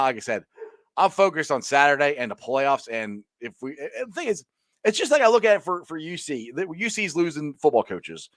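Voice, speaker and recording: A man hosts a sports show, chatting loosely, laughing and reading viewer comments aloud. His voice is a little high and swings a lot in pitch, recorded close and dry. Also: a bit bright, no echo. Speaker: podcast host. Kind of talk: casual sports chat.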